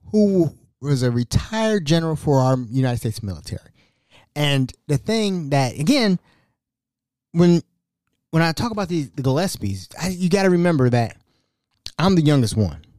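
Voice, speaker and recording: A man's voice: on the high side, big pitch swings, normal speed, a little mellow, no echo, studio quality. A young man hosting a podcast, casually telling family stories with laughs and imitations of relatives. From Ohio. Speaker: podcast host. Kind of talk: casual storytelling monologue.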